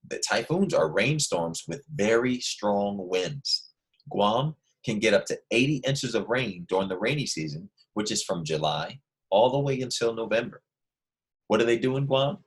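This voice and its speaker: A man teaching a lesson to first graders, speaking slowly and clearly, repeating key words and prompting the class to say them back. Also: on the low side. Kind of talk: classroom lesson for young children.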